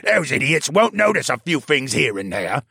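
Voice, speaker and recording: A man voicing a gruff, spiteful older male pub owner who rants and growls at people. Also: mid-range voice, big pitch swings, moderate pace, bright, forceful tone, dry recording, clean studio sound, voice pushed up, exaggerated voice. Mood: dismissive.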